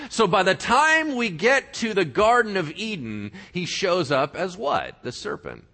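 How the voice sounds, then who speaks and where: A male preacher delivering a lively sermon. His bright, ringing voice swings widely in pitch as he tells the story with playful energy and stops to check in with his listeners. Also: unhurried, gravelly, hardly any pauses. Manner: animated, playful storyteller, asks the audience questions. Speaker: pastor.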